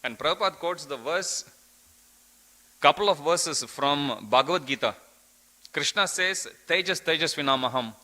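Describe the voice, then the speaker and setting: A man's voice: a little high, animated, measured pace, long pauses, bright, forceful tone, low-quality recording. A man giving an earnest devotional scripture class, telling a story and quoting verses.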